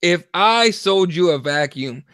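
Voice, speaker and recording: A young man co-hosting a podcast, talking casually in an animated, profane way and acting out quotes. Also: high-pitched, a little slow, smooth, dry recording. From Mexico. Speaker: podcast co-host. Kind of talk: casual opinion chat.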